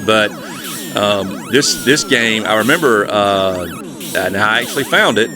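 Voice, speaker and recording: A man's voice: on the low side, huge pitch swings, a little slow, over music. A man, reminiscing in a rambling, folksy way as host of a retro gaming channel. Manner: rambling, chatty, folksy storytelling. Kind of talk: nostalgic casual monologue.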